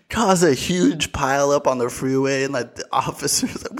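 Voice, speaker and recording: A young man hosting a casual solo podcast, telling a story with animated energy, swearing freely and calling his listeners dude. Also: mid-range voice, unhurried. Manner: animated storytelling, bursts into shouted voices. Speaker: podcast host.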